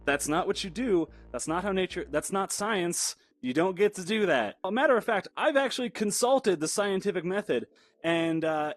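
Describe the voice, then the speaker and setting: A man's voice: high voice, expressive, normal speed, soft background music. A man hosting a video essay, telling a playful, exasperated explainer story. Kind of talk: animated explainer commentary.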